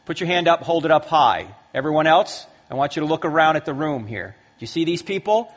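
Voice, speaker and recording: A man in his fifties giving a lively talk to a live audience in a large hall, acting out the voices in his stories. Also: on the high side, a little fast. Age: 50s. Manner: lively storyteller who acts out quoted voices. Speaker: Christian apologetics speaker. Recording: long hall reverb.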